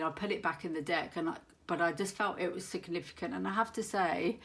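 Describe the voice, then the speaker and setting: A woman's voice: lowish voice, fairly even intonation, fast, fairly bright tone, breathy edge. A woman giving a monthly tarot reading to viewers, talking in an earnest, meandering way and searching aloud for her words. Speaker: tarot reader.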